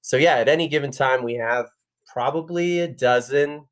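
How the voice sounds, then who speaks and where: A man's voice: mid-range voice, normal speed. A man from Canada chatting playfully on a livestream as a band guest in a robot persona, joking and restarting his sentences. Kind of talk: casual livestream chat.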